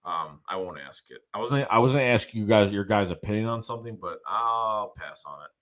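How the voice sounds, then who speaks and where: A man's voice: on the low side, expressive, brisk, fairly bright tone. A man hosting a late-night sports livestream, ranting about his team and reading viewer chats aloud in a casual way. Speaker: livestream host.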